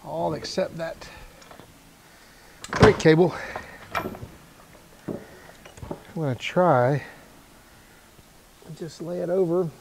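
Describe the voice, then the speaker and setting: A man's voice: fairly high pitch, takes it slowly, vocal fry, pauses often, background noise. Wry man musing while he wrenches. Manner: thinking aloud, self-deprecating, wry asides. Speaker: channel host repairing a motor scooter. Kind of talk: casual narration while working. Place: home garage workshop.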